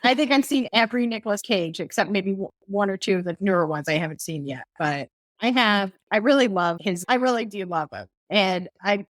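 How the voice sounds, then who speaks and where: A woman co-hosting a podcast in casual chat, halting and chatty with frequent laughter. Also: medium pitch, animated, dry recording, studio quality. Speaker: podcast co-host.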